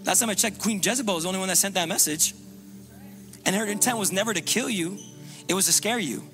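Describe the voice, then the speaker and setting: Male pastor, sermon delivery; high, sharp voice, urgent and repetitive, drops to hushed tones. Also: quick pace, soft background music. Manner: impassioned, repetitive, swings between loud urging and hushed low tones.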